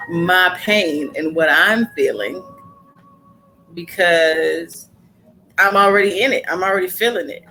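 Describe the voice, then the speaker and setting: A woman's voice: lowish voice, sharp tone, low-quality recording. A woman hosting a casual podcast, talking emphatically and repeating her points for stress. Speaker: podcast host.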